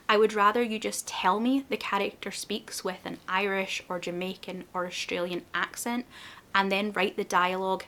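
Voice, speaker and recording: A woman's voice: medium pitch, fairly bright tone. A woman reviewing books in a casual vlog, candid and exasperated. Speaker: book reviewer.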